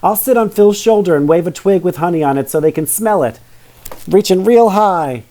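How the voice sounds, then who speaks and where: A man's voice: on the high side, moderate pace, dark tone, close to an everyday voice. A man reading a storybook aloud and voicing a bossy, determined young girl who talks insistently. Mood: proud. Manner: insistent, passionate.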